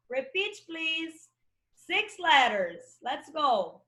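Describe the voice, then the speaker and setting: A woman's voice: very high-pitched, lively intonation, drawn-out words, bright, forceful tone. A young adult woman with a Brazilian Portuguese accent, teaching English to children in an online lesson and spelling words out letter by letter with encouragement.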